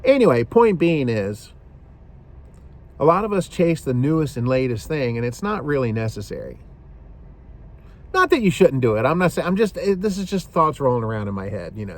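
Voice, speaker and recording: A man's voice: medium pitch, sing-song, brisk. A man hosting a shaving video, talking casually to the camera in a rambling way, often repeating himself and saying "you know".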